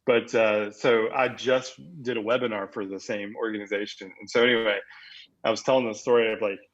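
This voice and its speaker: A man's voice: on the low side, fairly even intonation, a little fast, muffled recording. An American man, a guest, telling rambling stories in casual interview chat, with many fillers and self-corrections. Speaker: guest, agency founder.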